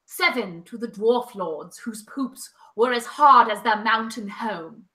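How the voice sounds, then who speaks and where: A woman voicing a solemn elven queen narrator in a slow, grave recitation. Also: fairly high pitch, animated, sharp tone, far from the mic, voice pushed down, full character voice.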